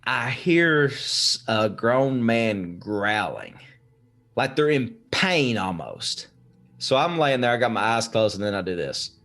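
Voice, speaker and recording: A man's voice: mid-range voice, big pitch swings, takes it slowly, a bit bright. A young man casually telling a spooky story on a podcast, swearing freely and laughing as he goes. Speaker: podcast guest.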